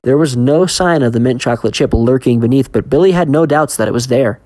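A woman narrating a scripted horror story in a steady, measured way. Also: rumbling low.

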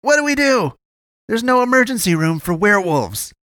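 A man voicing a panicky young man in an audiobook, cursing in a loud, high, agitated voice. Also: monotone, unhurried, creaky, smooth, no room sound, clean studio sound. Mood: alarmed.

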